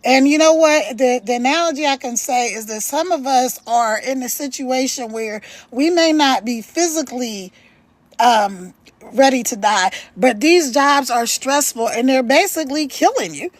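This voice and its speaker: A middle-aged woman hosting a live stream from home, telling a story in an animated, chatty way and laughing as she talks, into a phone. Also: sits high, moderate pace, no echo, poor audio. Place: at home, later walking in her backyard.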